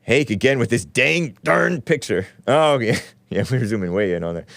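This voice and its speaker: A man's voice: medium pitch, lively intonation, moderate pace, gravelly, fairly bright tone, no room sound. A man hosting a casual call-in talk show, rambling and sarcastic, reading news aloud with his own running commentary and stumbling over names.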